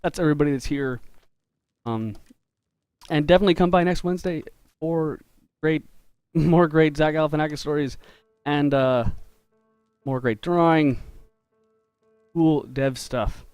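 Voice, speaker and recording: A man telling a story in a relaxed, chatty way, laughing often as he draws live on a stream for his viewers. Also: fairly high pitch, unhurried, clear, resonant tone, no echo, faint music behind. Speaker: game developer and artist streaming live. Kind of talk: casual storytelling while drawing on a live stream.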